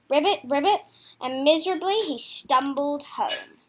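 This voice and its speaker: A woman reading a children's picture book aloud in a slow, expressive way. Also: high-pitched. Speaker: storybook reader.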